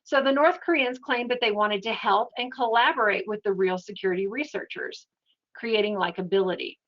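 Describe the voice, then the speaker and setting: A woman giving an educational webinar talk in a steady, explanatory, conversational way. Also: mid-range voice, fairly quick, muffled recording. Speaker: webinar presenter.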